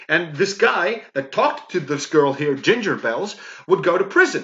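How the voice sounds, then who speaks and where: Talking a little fast with hardly any pauses, a Greek YouTube commentator mocks and rants emphatically, leaning on fillers and "okay?". His voice is a little high, expressive and a bit bright, and the lo-fi mic sounds dull.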